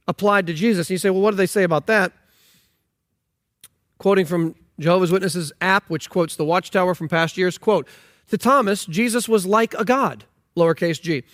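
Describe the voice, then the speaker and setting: A man's voice: high voice, no room sound, clean studio sound. A man preaching a sermon on scripture, emphatic and incredulous, with frequent restarts. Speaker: pastor.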